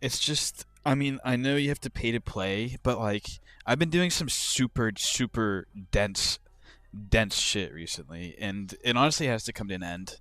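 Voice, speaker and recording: A young man live-streaming crypto trades, chatting casually to his viewers and ranting about his moves with swearing and sudden loud outbursts. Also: mid-range voice, normal speed, no echo. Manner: frustrated, swearing, rambling, bursts of loud outrage.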